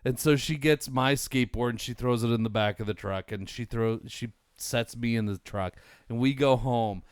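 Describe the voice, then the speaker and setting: A man in his forties co-hosting a podcast tells a rambling, profane story to friends in casual, animated fashion, recorded close-mic. His medium-pitched voice is clear and resonant, at normal speed, without echo.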